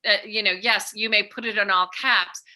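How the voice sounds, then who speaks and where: A middle-aged woman speaking as a podcast guest, talking in a lively, animated way and acting out bits of dialogue. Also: mid-range voice, moderate pace. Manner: animated, acts out remembered dialogue. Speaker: guest, author and peace educator. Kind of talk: casual podcast conversation.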